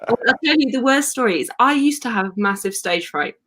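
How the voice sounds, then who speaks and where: A woman, a wellness coach and podcast guest, chatting animatedly and telling stories over a video call. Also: fairly high pitch. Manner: chatty, animated storytelling, quick to laugh.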